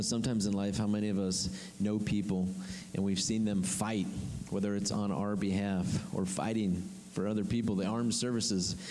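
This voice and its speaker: A man's voice: on the low side, a little mellow, slight background noise. Man preaching in a reverberant hall. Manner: emphatic, repetitive preaching with dramatic pauses and drops to a whisper. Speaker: pastor. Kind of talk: sermon.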